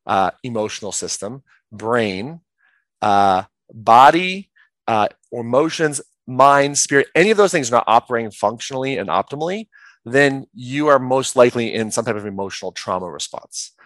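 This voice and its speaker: A man's voice: mid-range voice, expressive, normal speed, a bit bright, no echo. A man talking earnestly as a podcast guest, explaining his field with many "like"s and "right?"s. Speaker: guest, trauma practitioner.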